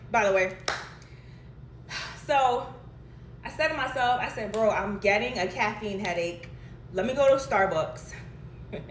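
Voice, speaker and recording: An animated young woman tells a story straight to her viewers, with emphatic, lively delivery. Her voice sits fairly high. The room gives a roomy echo with faint noise underneath. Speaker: social media storyteller. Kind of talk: casual storytelling to camera.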